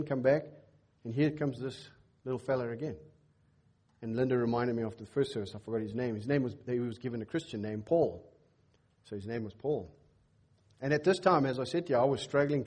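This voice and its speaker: Husky, mellow-voiced storytelling pastor. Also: male voice. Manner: animated storyteller, acts out dialogue with lifted pitch. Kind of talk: sermon storytelling. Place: church.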